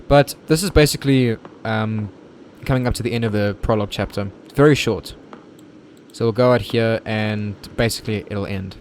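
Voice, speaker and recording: A man's voice: fairly low pitch, normal speed, darkish tone, a little hiss or hum. A man casually commenting on a horror game walkthrough, laid-back and swearing now and then at his own slips. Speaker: gaming YouTuber.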